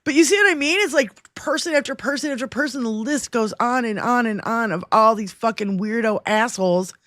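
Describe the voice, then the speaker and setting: A woman's voice: fairly high pitch, fairly quick, a bit bright, no room sound, studio quality. A woman co-hosting a casual political livestream, swearing heavily as she rants and often breaking into laughter. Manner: profane, ranting, laughs often. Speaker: livestream co-host.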